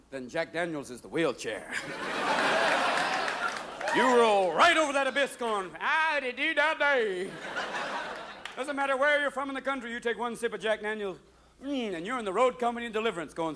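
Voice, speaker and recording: A man doing a manic stand-up routine on a theater stage, switching voices rapidly. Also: very high voice, background noise. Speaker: stand-up comedian. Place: theater stage before a live audience. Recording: live concert recording with loud crowd laughter. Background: audience laughing.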